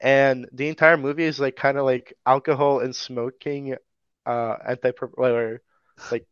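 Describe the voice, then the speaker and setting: A man's voice: mid-range voice, little pitch movement, moderate pace, fairly bright tone, smooth, dry recording. Young man from Tajikistan, casual interviewee, resonant voice, slightly muffled dry recording. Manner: laid-back, rambling with many fillers.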